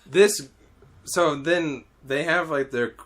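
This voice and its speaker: A man hosting a podcast, telling a story in casual chat, animated, laughing often and swearing freely. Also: a little high, takes it slowly.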